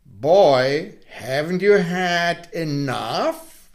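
A man doing the gentle old moon. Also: fairly high pitch, expressive, extremely slow, exaggerated voice. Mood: pleading. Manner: gently pleading, questioning.

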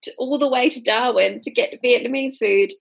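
A woman from Australia with an Australian accent, hosting a casual podcast chat in an animated, joking way. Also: on the high side, moderate pace, gravelly, breathy edge. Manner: animated, jokey, laughs often. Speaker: podcast host.

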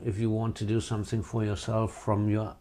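A man's voice: lowish voice, completely flat delivery, fairly quick, warm tone. A man interviewing his former hypnotherapy teacher, adding his own points in an eager, supportive way. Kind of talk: interview questions and comments.

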